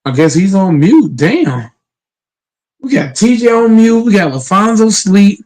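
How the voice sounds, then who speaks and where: A man's voice: sits high, animated, a little slow, darkish tone, poor audio. A man hosting a casual online sports panel, talking emphatically and profanely, often repeating words as he restarts.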